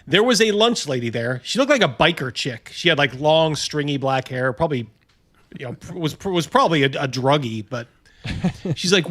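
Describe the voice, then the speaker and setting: Animated storytelling middle-aged man. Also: a little high, normal speed. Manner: animated storyteller, acts out voices. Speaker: host. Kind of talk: casual chat.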